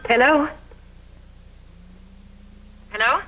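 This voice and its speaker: A woman's voice: sits high, drawn-out words, bright, forceful tone, exaggerated voice, rough recording. An actress playing an anxious, loyal young woman, talking breathlessly and stammering eagerly.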